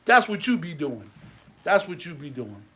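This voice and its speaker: A man and movie theater owner ranting angrily to camera, heated and repetitive, his voice sinking low and quiet between outbursts. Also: sing-song, normal speed, slightly rough. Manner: repetitive, many restarts. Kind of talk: angry rant to camera.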